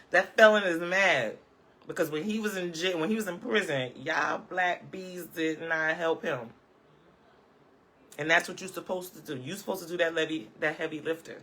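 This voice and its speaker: Woman vlogger, off-the-cuff live-chat commentary, sharp bright tone, sassy and emphatic. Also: on the low side, moderate pace. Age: adult, parent of a school-age child. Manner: sassy, emphatic, punctuates points with "okay?" and laughs.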